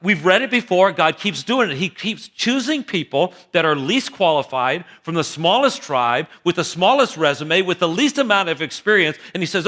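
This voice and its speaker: A man preaching a sermon as pastor, telling a Bible story in an animated way and acting out its characters. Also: high-pitched, normal speed. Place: church.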